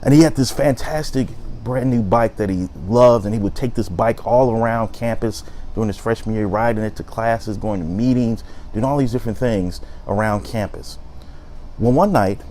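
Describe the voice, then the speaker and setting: Lively man telling a story. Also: lowish voice, moderate pace, a little hiss or hum. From South Side of Chicago. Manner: lively storyteller, acts out quotes. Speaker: host. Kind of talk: storytelling talk.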